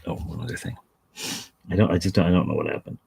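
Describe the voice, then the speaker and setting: A man's voice: low voice, level tone, fast, gravelly, a little mellow, breathy edge. A man chatting casually on a live stream while he paints miniatures, rambling, self-deprecating and talking to his dog.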